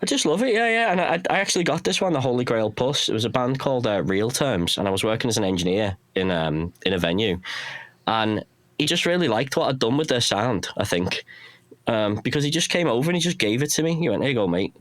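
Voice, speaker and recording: A man's voice: mid-range voice, big pitch swings, brisk, a bit bright, no room sound. A man with a Runcorn Scouse accent, talking casually as a podcast guest in a rambling, self-deprecating way, often restarting his sentences. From England. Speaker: guest, pedal maker.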